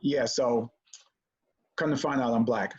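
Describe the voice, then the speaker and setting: A man telling a childhood story in a conversation, animated as he acts out the voices of the people in it. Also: mid-range voice, unhurried. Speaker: comedian guest. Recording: dull lo-fi audio.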